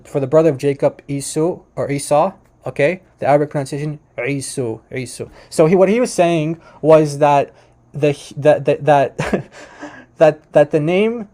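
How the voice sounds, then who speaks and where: A man's voice: on the high side, mellow. A man giving casual commentary on debate clips, rambling with many restarts and fillers, and chuckling now and then. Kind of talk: casual commentary over a screen share.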